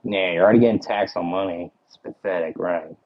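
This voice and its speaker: A man's voice: low voice, fairly quick, dull audio. A man with a Philadelphia accent chatting casually with his livestream viewers, rambling and full of "like" and "you know".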